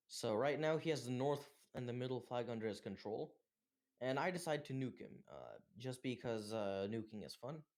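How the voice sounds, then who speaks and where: A young man narrating his own strategy game match in a casual way, with many pauses and filler sounds. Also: mid-range voice, darkish tone. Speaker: gameplay commentator. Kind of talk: gameplay commentary.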